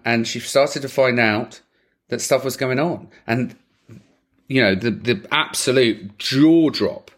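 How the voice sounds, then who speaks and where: A man co-hosting a podcast in casual chat, animated and laughing often. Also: on the low side. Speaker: podcast co-host.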